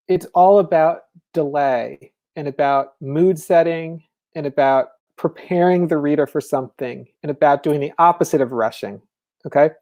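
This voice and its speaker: A novelist giving a casual, enthusiastic talk on writing, speaking conversationally with many fillers. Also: male voice, a little high, dull audio.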